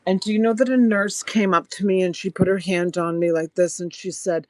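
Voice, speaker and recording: Talking fairly quickly with few pauses, a middle-aged woman chats through a jewelry live stream in a darkish, fairly even voice without echo. Between items she tells a personal story, her pitch jumping high as she quotes people.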